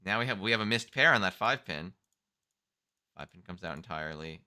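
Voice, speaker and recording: A man's voice: sits low, animated, brisk, pushed and bright, clean tone. A man co-hosting a mahjong stream, thinking aloud through plays in casual commentary.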